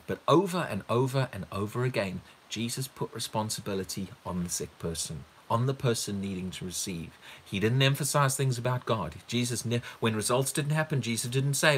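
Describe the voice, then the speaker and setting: Male preacher mid-sermon, bright tone, animated delivery with excited repetitions. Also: mid-range voice. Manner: animated, rising to loud excited bursts when quoting; repeats words and restarts when excited.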